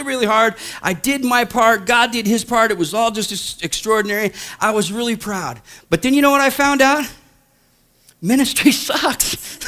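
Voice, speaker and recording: A man in his thirties, a pastor, telling a story in a sermon, swinging from hushed to loud. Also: high-pitched.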